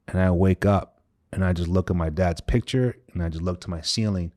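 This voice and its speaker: A man in his late thirties speaks as a coach sharing a hard personal story, in a fairly low voice. He talks casually and openly, letting his voice sink quiet when the memories turn painful. The sound is dry and close, with no room around it. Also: brisk, no room sound. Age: 30s. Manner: candid, conversational, drops to a low voice on painful parts. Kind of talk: personal story told to camera.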